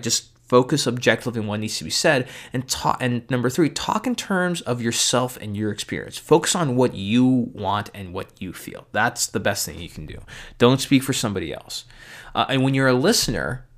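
A man delivers practical advice in an informal talk, moving through a numbered list of tips. His delivery is loose and conversational, dotted with "you know" and quick self-corrections, and he stresses the points that matter most. His voice sits at an ordinary middle pitch. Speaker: speaker giving communication advice.

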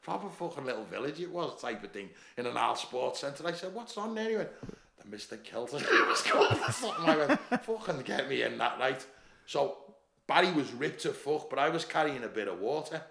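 A man's voice: mid-range voice, fairly quick, vocal fry. A man with a Liverpool accent, a bodybuilder and gym owner on a podcast, telling stories in a casual chat full of swearing and "mate" and "lad". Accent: Liverpool (Scouse). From Liverpool, England. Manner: animated anecdotes, heavy swearing, lots of "mate" and "lad". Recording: roomy echo.

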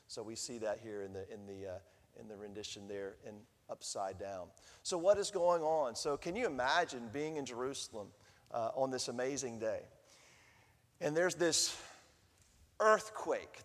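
A man preaching a sermon, animated, swinging from hushed lines to booming ones. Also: normal speed, long reverb tail. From Southern United States. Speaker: pastor.

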